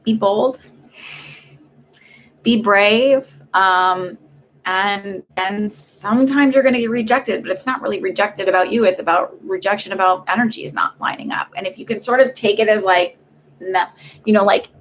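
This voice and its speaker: On a live stream, a woman does paid psychic readings in a rambling, talkative style packed with fillers and restarts. Her mid-range voice moves at normal speed against slight background noise.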